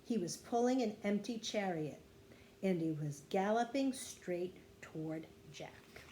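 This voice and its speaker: Kindergarten teacher reading a storybook aloud. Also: female voice, unhurried, a little hiss or hum. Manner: expressive storytelling, dropping low after quotes. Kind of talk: reading a children's chapter book aloud.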